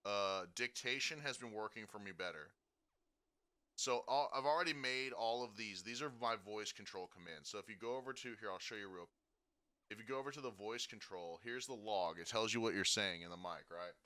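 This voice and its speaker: Bright, clear-voiced man explaining software. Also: lowish voice, fairly quick. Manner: chatty, checks in with frequent "okay?" and "right?". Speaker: streaming tutorial host. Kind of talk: casual screen-recorded software tutorial.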